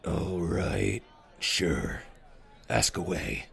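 A man putting on a mercenary officer who takes nothing too seriously. He speaks in a deep, gravelly register, casual and unimpressed. His delivery stays low-key. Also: big pitch swings, extremely slow, a bit bright, no room sound, exaggerated voice. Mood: offhand. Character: offhand male mercenary commander. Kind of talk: audio drama acting.

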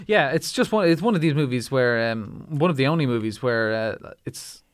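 A man with a smooth, resonant voice talks through comedy films in casual podcast chat. He picks his words as he goes and often restarts a sentence. The sound is dry and close. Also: mid-range voice, very animated, brisk, no room sound. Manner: analytical, restarts sentences, laughs at jokes. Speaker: podcast co-host. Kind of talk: casual film discussion.

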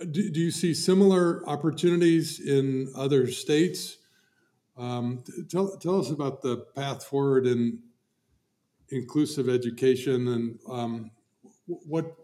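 A man interviewing a guest, asking questions in a halting way with many pauses and restarts. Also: medium pitch, dark tone. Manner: halting, lots of ums and restarts.

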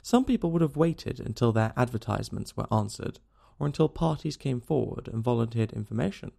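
A man's voice: mid-range voice, animated, brisk, creaky, mellow. A man reading an audiobook, voicing a pompous, self-satisfied middle-aged police detective. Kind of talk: audiobook character voice.

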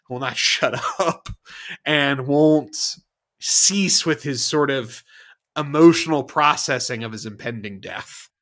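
A man chatting casually as a podcast co-host, lively and jokey in his delivery. His voice sits at an ordinary male pitch. He is relaxed and conversational. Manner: animated, jokey, puts on whiny mock voices. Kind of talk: casual chat.

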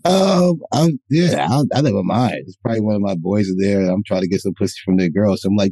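A man co-hosting a podcast, talking crudely and loudly, swearing and laughing as he jokes. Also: lowish voice, animated, quick pace, hardly any pauses, no echo. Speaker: podcast co-host. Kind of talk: crude casual chat.

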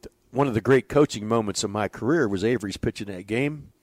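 An older man, a former baseball pitching coach, telling stories in an animated, chuckling way in casual conversation. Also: fast talker, no echo.

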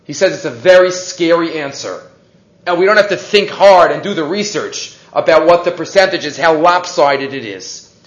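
A man's voice: fairly high pitch, animated, moderate pace. A man giving a weekly Torah class, reading Hebrew sources and explaining them in English. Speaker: Torah teacher. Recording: echoey room, dull lo-fi sound.

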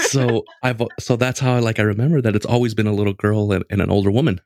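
A man in his late twenties casually telling a story in a lively, conversational way, with lots of restarts. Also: fairly low pitch, quick pace, no room sound, studio quality. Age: late 20s.

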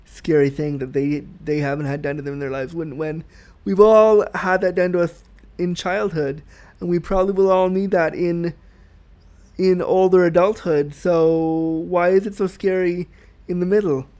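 A man's voice: high voice, fairly even intonation, moderate pace, a little mellow. A man hosting a solo podcast, talking frankly and reflectively as he explains his thoughts at length. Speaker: podcast host.

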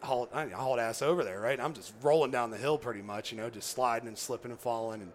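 Animated American man telling a story. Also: mid-range voice, quick pace, a little hiss or hum. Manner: animated, laughs often, acts out quoted dialogue. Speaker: podcast guest. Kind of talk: casual storytelling.

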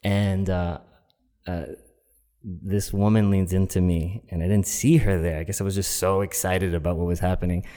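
A man's voice: low voice, level tone, moderate pace, warm tone, big-room sound. A young man casually telling a personal story, rambling and full of filler words. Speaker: storyteller guest.

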